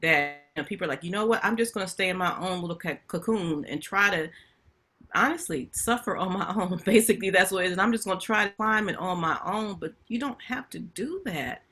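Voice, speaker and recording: A woman hosts a webinar and talks straight to her audience, telling stories in a chatty way. Her voice is bright and forward, pitched a little low, with a sharp edge. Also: quick pace. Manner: chatty storytelling, addresses audience directly. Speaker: webinar host. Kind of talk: casual webinar talk. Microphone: video call.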